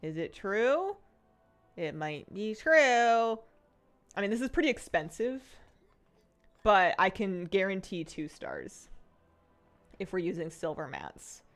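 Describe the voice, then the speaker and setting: A woman's voice: medium pitch, very animated, takes it slowly, long pauses, soft background music. A young woman streaming a game, chatting casually in a rambling way and laughing often. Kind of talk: casual chat while gaming.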